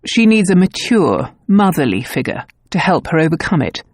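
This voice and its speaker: A brusque aristocratic father, guarded and blunt, firing short questions, read by a woman narrator. The voice sits a touch lower than her own, recorded dry and close. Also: moderate pace, a little mellow, no echo. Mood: troubled.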